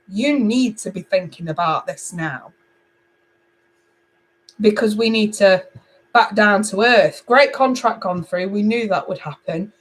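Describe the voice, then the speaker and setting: A middle-aged woman from England reading tarot cards live, chatty and animated as she talks to viewers. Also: mid-range voice, low-quality recording. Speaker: tarot reader.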